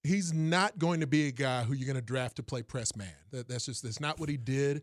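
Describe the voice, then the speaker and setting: A man's voice: medium pitch, fairly quick, no echo, clean studio sound. A man in casual sports talk, analyzing a football prospect in detail and often repeating words as he starts a thought.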